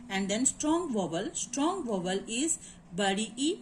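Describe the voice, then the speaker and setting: In a rough recording with a faint hiss or hum, a female teacher with an Indian English accent lectures on grammar at an unhurried pace, her medium-pitched voice lively in intonation. She explains patiently, repeats her points, and checks whether students follow by asking "is it clear?" during this classroom lecture.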